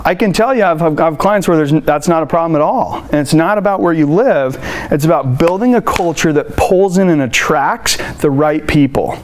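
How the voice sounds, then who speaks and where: A man giving a motivational customer service training talk to a live room, energetic and playful, acting out phone calls. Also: on the high side, moderate pace, a little hiss or hum.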